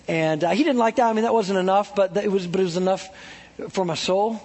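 A male preacher with a high, slightly husky voice gives a loose, joking sermon, dropping "like" and "right?" into nearly every line. His words carry a long reverb tail from the large hall around him. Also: quick pace, darkish tone. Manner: chatty and joking, heavy with "like" and "right?". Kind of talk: casual animated sermon.

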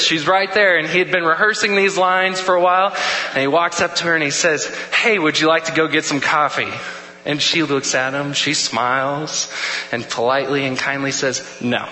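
A man's voice: high voice, sharp tone. A young man in his twenties giving a humorous sermon as a student speaker, telling stories with joking, casual asides. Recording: echoey hall with faint hum.

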